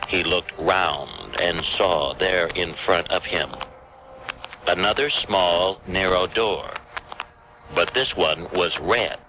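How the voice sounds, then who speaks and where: A male radio host reading a children's story aloud in a slow, deliberate, mock-solemn way, drawing out the repeated phrases. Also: sits low, noisy background. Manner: slow, deliberate, drawn-out repetition. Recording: radio broadcast over a music bed.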